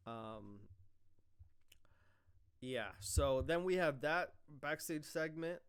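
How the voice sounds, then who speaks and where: A young man talks fast and loose, stacking up fillers and swears as he gets excited. His voice sits a little high for a man, smooth and clear. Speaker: wrestling review host. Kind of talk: casual solo recap.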